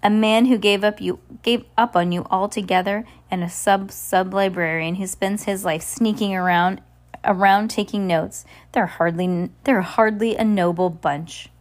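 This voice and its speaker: A woman's voice: mid-range voice, fairly even intonation, measured pace, close to an everyday voice. A woman reading aloud, voicing a scheming, sneering villainous man from a storybook. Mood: boastful. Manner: sneering, boastful.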